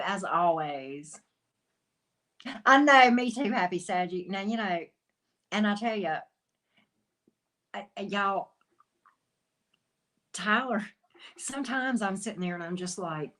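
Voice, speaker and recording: A woman's voice: medium pitch, bright, forceful tone. A woman, a tarot reader chatting casually on a livestream, calling viewers honey and sweetie and greeting them by name. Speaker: tarot reader and channel host.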